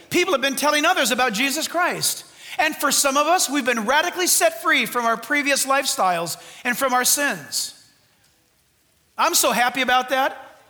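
A man preaching a sermon as pastor to his church, exuberant, loud and fervent, joking with the congregation between points. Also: very high voice, big-room sound. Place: church sanctuary.

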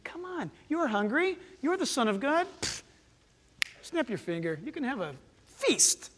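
Preacher doing a sneaky low-voiced devil, murmury and coaxing, big echoey church. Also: male voice, sing-song, a little slow, a bit bright, a little hiss or hum, exaggerated voice. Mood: mocking. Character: sly whispering male Satan tempter. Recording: long church hall reverb.

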